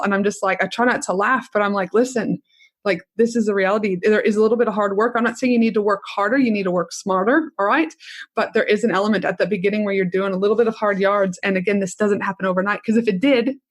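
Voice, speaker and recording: A woman's voice: medium pitch, fairly even intonation, fast talker. A woman hosting a podcast interview, talking in an enthusiastic, chatty way and often asking "do you know what I mean". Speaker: podcast host. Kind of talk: conversational interview.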